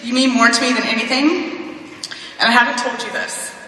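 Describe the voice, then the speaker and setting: Young woman, graduation speaker, bright emotional voice, recorded from far off in an echoey hall. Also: on the high side, fairly even intonation, normal speed, a little hiss or hum. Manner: tearful, warm, fighting back tears with nervous laughs. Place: large hall.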